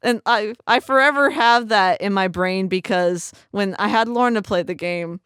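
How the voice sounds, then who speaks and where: A woman's voice: mid-range voice, normal speed, smooth, no room sound, clean studio sound. A young woman co-hosting a podcast, casually and animatedly retelling a video game scene. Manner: animated storyteller, acts out scenes with voices. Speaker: podcast co-host.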